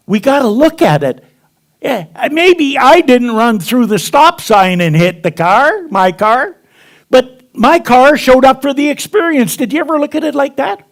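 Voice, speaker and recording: Extremely high-pitched and gravelly, a very animated man speaks at normal speed during a sermon. The minister acts out dialogue in the stories he tells his spiritual center congregation, chuckling throughout.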